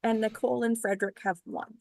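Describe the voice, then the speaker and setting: A woman's voice: a little high, fairly even intonation, fast talker, gravelly, crowd noise, rough recording. A woman keeping score on a trivia show, matter-of-fact in delivery.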